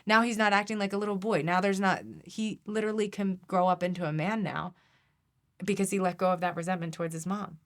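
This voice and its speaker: A woman's voice: medium pitch, steady tone, brisk. A woman guest on an interview, talking about energy healing in an earnest, emphatic, persuading way. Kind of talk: conversational interview.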